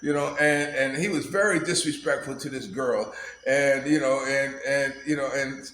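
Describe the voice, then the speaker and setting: A man's voice: mid-range voice, fairly even intonation, normal speed, fairly bright tone. A man vlogging in a loose, rambling storytelling style, laughing often and filling his talk with "you know.". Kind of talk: casual storytelling monologue. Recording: echoey room, faint background noise.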